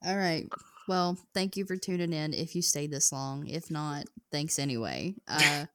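A woman's voice: low voice, measured pace, fairly bright tone, no room sound, studio quality. A woman co-hosting a casual podcast, teasing and giggling through loose banter. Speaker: podcast co-host. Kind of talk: casual chat.

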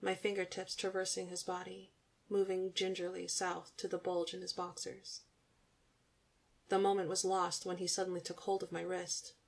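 A young woman narrating an intimate audiobook story in the first person, in an even, intimate storytelling manner. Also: on the low side, normal speed, vocal fry.

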